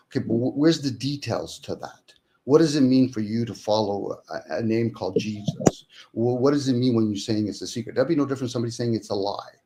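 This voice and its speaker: Rhetorical man with a lowish voice. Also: dark tone. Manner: rhetorical, questioning, acts out quoted voices. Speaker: guest. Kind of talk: casual conversation.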